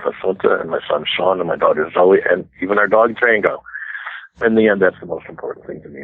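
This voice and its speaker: American guest in his 60s, deep husky voice, dry phone-line sound, rambling anecdotes. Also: dry recording. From United States. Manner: chatty, self-deprecating, laughs easily. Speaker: guest musician. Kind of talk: casual storytelling interview.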